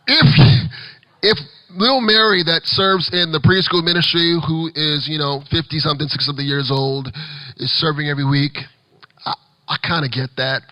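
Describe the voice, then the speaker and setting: A man giving an energetic, animated talk to children's ministry leaders as a children's pastor, with playful asides. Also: a little high, normal speed, dry recording, poor audio. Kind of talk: conference workshop talk.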